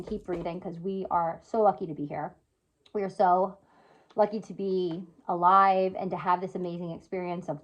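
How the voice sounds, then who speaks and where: A woman's voice: mid-range voice, lo-fi sound. A woman in her thirties talking earnestly and casually to camera at home, often checking in with "right?" and "you know". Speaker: vlogger. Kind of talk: casual heartfelt talk to camera. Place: at home indoors by a window.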